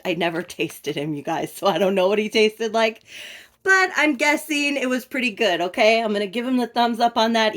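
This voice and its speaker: A chatty middle-aged woman tells a story to her viewers, gushing and animated as she goes. Her pitch sits right in the middle for a woman. She sounds relaxed and at ease, as if she is talking from her own bedroom at home. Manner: animated, gushing, addresses viewers as "you guys". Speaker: reborn doll collector vlogger.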